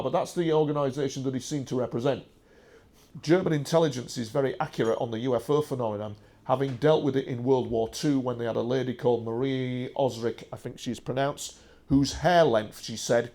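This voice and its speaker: A man's voice: mid-range voice, a little mellow. A man giving a rambling, emphatic first-person talk with slides, full of restarts and filler sounds. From England. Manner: emphatic and digressive, with frequent uh and restarts. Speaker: speaker presenting a talk with slides.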